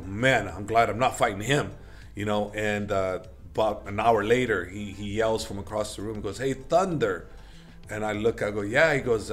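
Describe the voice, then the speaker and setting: A man's voice: lowish voice, fairly bright tone. A middle-aged man, an interview guest, telling stories in a rambling, casual way with many fillers and self-corrections. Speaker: interview guest, MMA coach.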